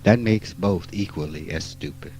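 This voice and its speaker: This is an archival recording from 1989 of a spiritual teacher in his 50s from rural Mississippi giving a talk. His somewhat low, mellow voice moves at normal speed, blunt and emphatic and full of profanity, sinking into quiet asides before erupting loudly. The audio is poor, with slight background noise.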